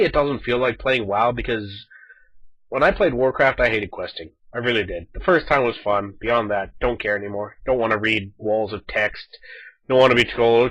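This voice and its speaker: A man chatting casually over his gameplay footage, animated and talkative, acting out quoted lines as he goes. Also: medium pitch, normal speed, dry recording, low-quality recording. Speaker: gaming video host.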